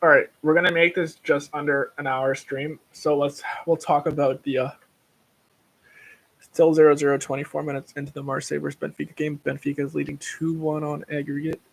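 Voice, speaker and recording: A man's voice: fairly high pitch, level tone, brisk, vocal fry, fairly bright tone, low-quality recording. A tired man hosting a casual livestream, rambling and blunt, breaking into rants. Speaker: livestream host.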